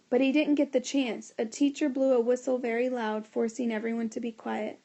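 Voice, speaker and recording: A woman narrating a children's storybook in a steady, expressive reading. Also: on the high side, normal speed, hardly any pauses.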